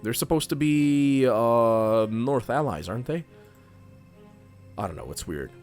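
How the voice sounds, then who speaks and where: A man's voice: mid-range voice, animated, measured pace, a little mellow, faint music behind. A man giving casual let's play commentary, chatty and thinking aloud while he plays. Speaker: gaming youtuber.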